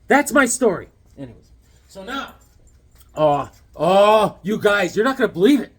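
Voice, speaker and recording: Animated, husky-voiced man telling stories. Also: sits high, normal speed. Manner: animated storyteller, acts out voices. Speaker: comic book vlogger. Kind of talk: casual show-and-tell chat.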